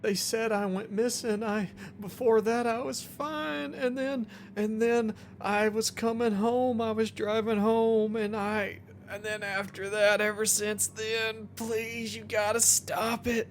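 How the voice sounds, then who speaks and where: A man's voice: high-pitched, fairly even intonation, takes it slowly, hardly any pauses, slight background noise, voice pushed up. Give me a man playing a dazed, crying young man in agony, pleading in a tabletop role-play.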